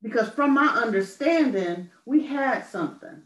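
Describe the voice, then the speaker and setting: A woman songwriter and poet gives an earnest personal testimony in an interview, searching for words and repeating key phrases. Her fairly high voice is expressive and at normal speed, picked up by a distant mic with roomy echo.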